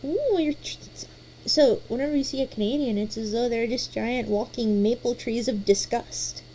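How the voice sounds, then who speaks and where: Playful high-voiced woman hosting. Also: moderate pace, a little hiss or hum. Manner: playful, animated, stammering restarts. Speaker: host. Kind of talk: casual chat.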